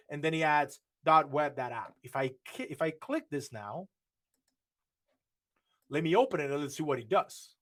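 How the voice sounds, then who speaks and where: A man walks students through a live coding demo in an online session. His voice sits a little on the high side, and he explains each step while repeating and restarting phrases. He speaks into a computer mic on a video call. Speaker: workshop instructor.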